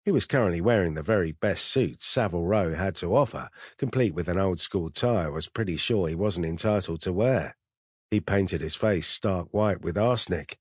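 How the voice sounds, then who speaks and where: A man reading a first-person story aloud in a dry, wry, measured way. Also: low voice, breathy edge, dry recording. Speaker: audiobook narrator. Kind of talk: first-person scripted narration.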